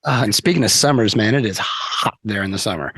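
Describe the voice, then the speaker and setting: A man's voice: lowish voice, brisk, a bit bright, husky, dry recording. A man with a Southern US accent, co-hosting a casual podcast in a laid-back, conversational way. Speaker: podcast co-host.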